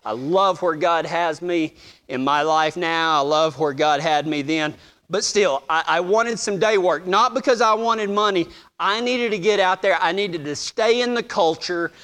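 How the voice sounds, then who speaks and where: A man's voice: a little high, a little slow, fairly bright tone, clean tone. A man preaching a sermon, telling funny personal stories and acting out the voices in them with a self-deprecating humor.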